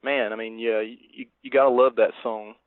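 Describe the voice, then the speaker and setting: A man's voice: medium pitch, steady tone, normal speed, dry recording. A man cohosting a podcast in casual chat, speaking in a meandering, hesitant way. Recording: dry, tinny phone-like line.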